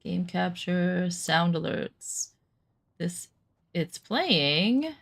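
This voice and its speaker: A woman's voice: lowish voice, lively intonation, very slow, creaky. A woman chatting casually to her viewers while streaming a survival game, rambling with lots of fillers. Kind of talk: casual gaming stream chat.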